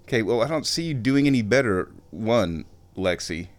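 A man at home, ranting and giving casual opinionated commentary on a football match, often clearing his throat. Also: fairly low pitch, animated, normal speed. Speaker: fan watching a football match.

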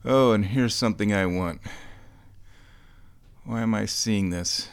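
A man's voice: on the low side, slow, creaky, smooth, dry recording. A man hosting his own show from home, chatting in a laid-back, rambling way. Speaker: streamer hosting a recurring show. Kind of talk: casual rambling chat. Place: indoors at home.

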